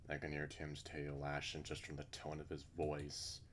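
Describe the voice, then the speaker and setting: A man's voice: extremely low pitch, completely flat delivery, moderate pace, hardly any pauses, fairly bright tone, slight background noise. A man reading a visual novel aloud, breaking off for blunt, sweary asides. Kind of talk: reading a story aloud with casual commentary.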